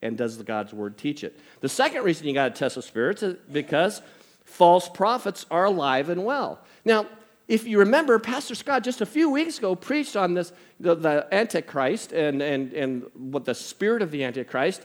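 A man preaching a sermon, telling a humorous story and reading scripture aloud in an animated, conversational way. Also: on the high side, moderate pace. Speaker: pastor.

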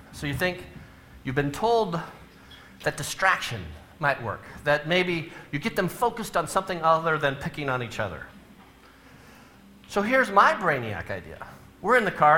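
A man's voice: on the high side, sharp tone, a little hiss or hum. A middle-aged man speaking to a live audience, telling humorous family stories and acting out the scenes with big swings in his voice.

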